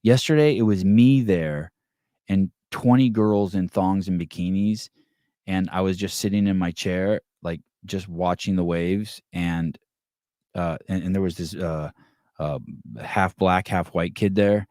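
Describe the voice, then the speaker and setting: A man's voice: low-pitched, fairly even intonation, unhurried, dark tone, no room sound, studio quality. A middle-aged man hosting a podcast in casual chat, profane and joking, telling stories with voiced quotes. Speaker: podcast host.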